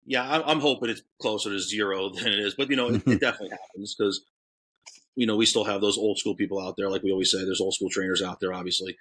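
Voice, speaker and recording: A man's voice: fairly low pitch, fairly even intonation, racing, few pauses, a bit bright, breathy edge. A man in his thirties from Florida, a guest telling his story in casual chat, rambling with many fillers. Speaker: podcast guest, K9 handler.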